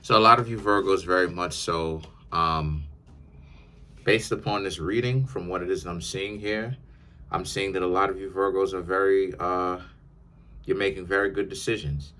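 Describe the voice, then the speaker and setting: A man's voice: sits low, steady tone, normal speed, sharp tone. A man giving a tarot reading in an emphatic, lecturing monologue, often repeating his words. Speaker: tarot reader.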